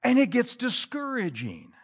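A man preaching a sermon in a church, with animated delivery that rises to loud, emphatic peaks. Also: very high-pitched, measured pace, slightly rough. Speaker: pastor.

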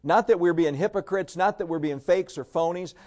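Guy preaching to his church, kinda high voice, chatty, keeps asking folks to say it with him. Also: brisk, a little mellow. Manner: conversational preaching, repeats phrases, asks the congregation to join in. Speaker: pastor. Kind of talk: sermon.

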